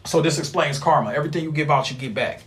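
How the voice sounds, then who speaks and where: Young man, slightly high voice, animated and profane, rambling vlog monologue. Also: quick pace. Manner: animated, profane, rambling, with sudden loud outbursts. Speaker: spiritual vlogger. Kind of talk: casual spiritual monologue.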